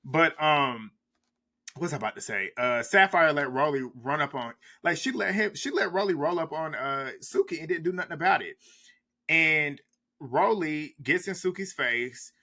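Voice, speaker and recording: A man's voice: fairly high pitch, animated, moderate pace, sharp tone. A man, recapping a reality show in casual, blunt, trash-talking commentary.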